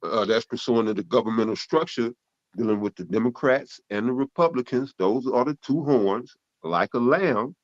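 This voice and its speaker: A man's voice: medium pitch, moderate pace, lo-fi sound. A man gives casual spoken Bible teaching, with loose, conversational talk, frequent restarts and cursing.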